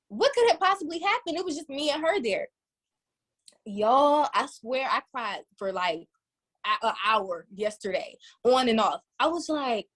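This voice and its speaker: A high-pitched woman from Detroit chats casually as a podcast co-host. She tells her story with animated energy, leaping up in pitch whenever she quotes herself. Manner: animated, swooping up high when quoting herself.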